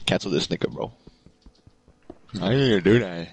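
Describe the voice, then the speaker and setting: A man's voice: deep voice, expressive, fairly quick, vocal fry, husky, poor audio. A young man bantering with friends while they game, slangy and boastful. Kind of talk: casual gaming chat with friends.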